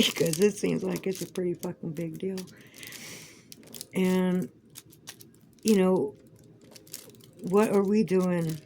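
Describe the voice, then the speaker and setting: A woman's voice: fairly low pitch, steady tone, takes it slowly, vocal fry, long pauses, dark tone, slight background noise, low-quality recording. A woman vlogging at home, rambling casually with lots of swearing and frequent laughs. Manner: profane, rambling, laughs often. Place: at home while crafting.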